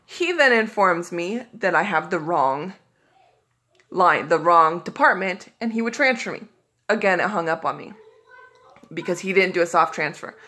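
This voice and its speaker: A woman's voice: fairly low pitch, bright, forceful tone. A woman vlogging in a casual storytelling style, recounting a run of phone calls with frustration and exasperation. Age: adult.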